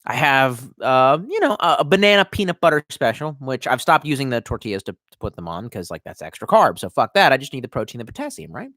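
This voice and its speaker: A man's voice: mid-range voice, sing-song, fast, hardly any pauses, fairly bright tone, dry recording, clean studio sound. Tipsy profane man rambling on stream. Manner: rambling, profane, reads chat aloud. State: tipsy from wine. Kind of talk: casual live-stream chat.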